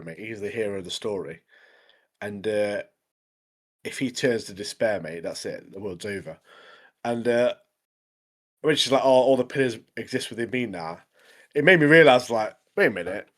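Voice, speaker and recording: A man co-hosting a casual anime podcast, retelling scenes in an animated, chatty way. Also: lowish voice, moderate pace, pauses often. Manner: chatty, says "mate" constantly, animated retelling. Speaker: podcast co-host. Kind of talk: casual anime review chat.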